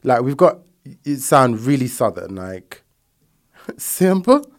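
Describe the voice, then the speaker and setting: A man's voice: medium pitch, big pitch swings, slow. A man guest in casual podcast chat, blunt and emphatic and swearing freely.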